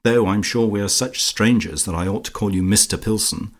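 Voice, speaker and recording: A man's voice: on the low side, a little fast, close to an everyday voice. A man voicing an imperious, catty woman who rules village society, speaking with sugary, sarcastic malice in an audiobook. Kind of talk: audiobook character voice.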